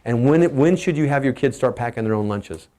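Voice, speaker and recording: A middle-aged man with a Texan accent gives a casual, energetic family health talk, asking his listeners questions as he goes. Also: mid-range voice, a little fast. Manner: energetic, emphatic, asks the audience questions.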